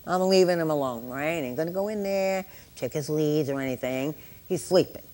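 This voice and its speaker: A woman's voice: deep voice, moderate pace, darkish tone. A woman in her sixties, a veteran nurse educator, giving a live exam-prep lecture full of joking, chatty asides to the class. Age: 60s.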